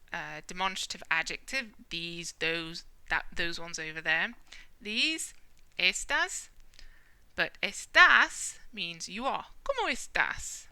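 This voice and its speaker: Woman teacher going slow n careful, really bright crisp voice, leans on the example words. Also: fairly low pitch. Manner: deliberate, stresses example words clearly. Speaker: language teacher. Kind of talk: explanatory lesson.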